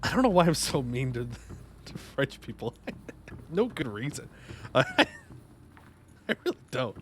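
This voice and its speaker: A man's voice: mid-range voice, very animated, a little slow, slight background noise. A man streaming a game live, chatting casually and joking while answering his chat.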